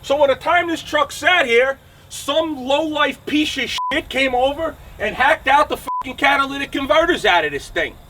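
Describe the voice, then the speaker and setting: Recorded from a distance, a very high-pitched, animated male voice moves at normal speed. He's a New Jersey-accented trucking channel host in his forties, ranting to camera outside his truck shop in an angry, blunt, profane way and peppering it with "okay?" and "right?".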